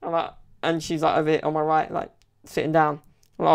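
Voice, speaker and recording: Gravelly, flat-voiced young man. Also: fairly high pitch, brisk. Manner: rambling, chatty, fills with "like" and "you know". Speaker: podcast host. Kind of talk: casual solo podcast storytelling.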